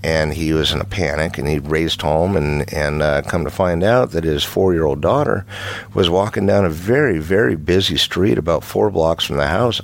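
A middle-aged man with a very low, gravelly voice recounts a ghost story from his own life. He speaks casually and haltingly, restarting phrases and breaking into the odd nervous chuckle. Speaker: caller telling his own paranormal story. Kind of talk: casual first-person storytelling.

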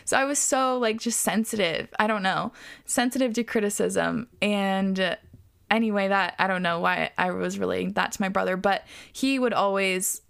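Chatty young woman podcaster, gravelly. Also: medium pitch, steady tone, normal speed, a bit bright. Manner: chatty, reflective, lots of "like". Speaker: podcast host. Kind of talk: casual solo podcast talk.

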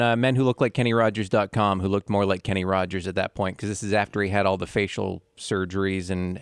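A man's voice: on the low side, clean tone, no echo. Eager man, dry studio sound. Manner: eager storyteller, many fillers. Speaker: radio co-host. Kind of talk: casual radio chat.

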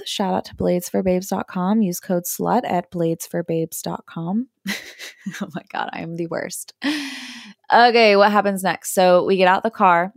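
A woman hosting a podcast, telling a story casually and acting out the quotes in hushed or high voices. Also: expressive, unhurried, no echo, clean studio sound. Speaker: podcast host.

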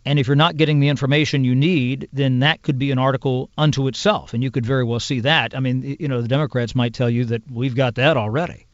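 A man who is a congressional news producer, explaining in a measured, detailed way as a podcast guest. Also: mid-range voice, steady tone, no room sound. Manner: measured, explanatory, piles up clauses and examples. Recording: dull lo-fi sound.

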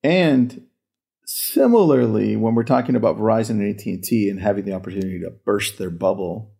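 A man's voice: lowish voice, fairly quick, creaky, warm tone, breathy edge. A man hosting a casual podcast conversation, laid-back and friendly in his wording. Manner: laid-back, uses "dude" and "bro". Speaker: podcast host.

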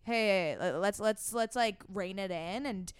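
A woman's voice: medium pitch, unhurried, clean tone, no echo, studio quality. A woman hosting a podcast, earnest and reflective, often restarting her phrases. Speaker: podcast host. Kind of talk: casual podcast chat.

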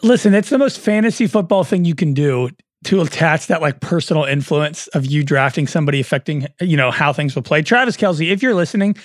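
A man with a high voice co-hosts a casual podcast. He drops wry, deadpan jokes into the conversation. His voice sounds close and dry. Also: brisk, hardly any pauses, no room sound. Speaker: podcast co-host.

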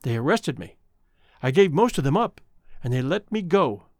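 A man's voice: on the high side, big pitch swings, moderate pace, a little mellow, no room sound, studio quality. A man reading the lines of a remorseful young woman, a former chorus singer, with an earnest, confessional manner.

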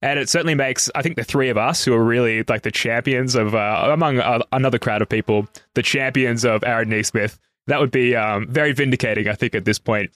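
A male podcast host who rambles through casual chat, full of ums and uhs. His voice is mid-pitched and dry, recorded close up. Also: brisk, few pauses, fairly bright tone, no room sound. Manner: rambling, with many fillers.

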